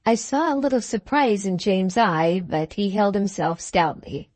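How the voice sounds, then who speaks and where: A woman narrating an audiobook in a slow, deliberate reading. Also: medium pitch, darkish tone, no room sound.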